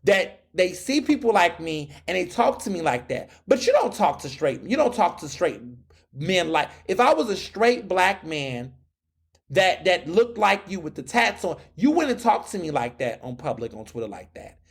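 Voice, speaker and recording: Sassy high-voiced man in his thirties. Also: normal speed, gravelly, slightly rough. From United States. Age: 30s. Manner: sassy, animated, mocking retorts. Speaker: podcast host. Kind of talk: solo commentary podcast.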